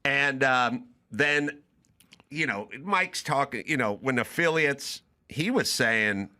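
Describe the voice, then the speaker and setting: A man who hosts a talk show and works as a comedian, telling a story in a casual, animated way and acting out both sides of a phone call. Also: mid-range voice, takes it slowly. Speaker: podcast host.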